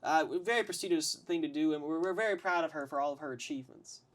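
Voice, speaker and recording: A man's voice: on the high side, quick pace, fairly bright tone, lightly acted. A man voicing a middle-aged farm mother who rambles with many hesitant fillers. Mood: rambling.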